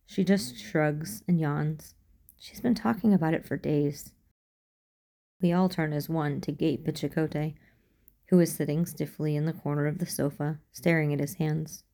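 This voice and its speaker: A woman reading a first-person fan fiction story aloud as an audiobook, in a calm and even storytelling manner. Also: deep voice, moderate pace, creaky. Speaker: audiobook reader.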